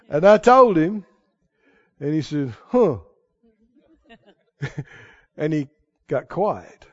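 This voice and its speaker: A man's voice: a little high, animated, drawn-out words, long pauses. A man preaching a sermon, telling stories in a folksy way and building to emphatic exhortation. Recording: dull lo-fi sermon recording.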